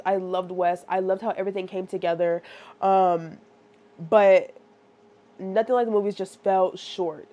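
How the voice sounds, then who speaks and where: A woman reviewing a book in a loose, chatty way, piling up asides and quick check-ins with her audience. Her voice sits at an ordinary pitch with a warm, mellow tone. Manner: animated, rambling, lots of "like" and "right?".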